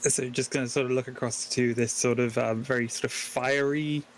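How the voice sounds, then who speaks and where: A man's voice: medium pitch, steady tone, normal speed, noisy background. A man playing a tabletop game, describing his actions in a rambling way full of "sort of". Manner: rambling, lots of "sort of", chuckling. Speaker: player. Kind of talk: casual tabletop play.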